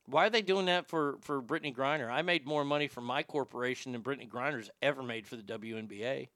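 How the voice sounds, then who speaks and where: Loud, sarcastic ranting male podcast host. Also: mid-range voice, fast, no echo. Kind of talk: opinionated talk show rant.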